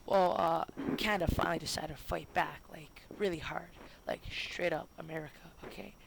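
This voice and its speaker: A student making a history video narrates in a goofy, rambling way, with a creaky, gravelly, medium-pitched voice at normal speed. Fillers, stumbles and self-corrections abound, and the noisy recording carries a constant hiss and clicking.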